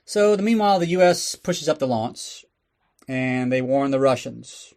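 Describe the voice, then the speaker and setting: This man hosts a podcast and runs through a movie's plot with profane, sarcastic riffs in a loose, comedic recap. He speaks at a normal speed in an animated, medium-pitched voice with a darkish tone.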